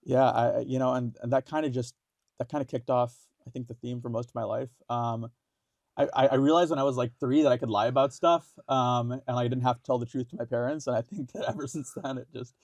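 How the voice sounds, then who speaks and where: A young man from India, a podcast guest telling his story in halting casual talk, full of fillers, restarts and swearing. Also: mid-range voice, fairly even intonation, a little mellow, no echo, studio quality.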